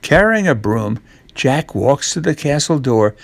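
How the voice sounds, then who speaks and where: An older man reading a children's story aloud in a gentle, even storytelling manner. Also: mid-range voice, normal speed, dry recording.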